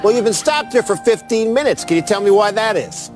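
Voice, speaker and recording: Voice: medium pitch, lively intonation, fairly quick, soft background music, lightly acted. A performer playing a nosy traffic cop in a comedy sketch, putting mock-official, teasing questions to a driver. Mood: mock-stern.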